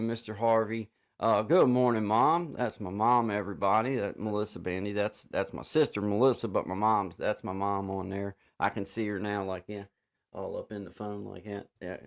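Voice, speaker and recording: A man hosting a casual livestream chat over a video call, rambling with many restarts and fillers and giving warm shout-outs to viewers. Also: on the low side, fairly even intonation, normal speed. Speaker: livestream host.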